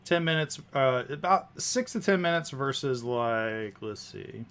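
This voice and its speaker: A man's voice: medium pitch, lively intonation, a bit bright, slight background noise. A man running a tabletop fantasy game as game master, describing the scene at an easy pace with frequent fillers. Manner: unhurried, descriptive, many fillers.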